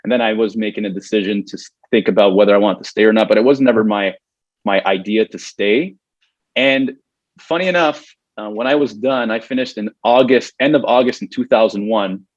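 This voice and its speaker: A man's voice: fairly low pitch, a little fast, dry recording, muffled recording. A man in his forties, a guest on an interview podcast, telling stories casually, laughing often and restarting his sentences. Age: 40s.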